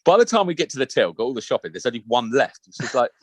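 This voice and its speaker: Animated man telling a story. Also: medium pitch, fast talker, no echo. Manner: animated, swearing, laughs through his own story. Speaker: podcast co-host. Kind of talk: casual storytelling chat.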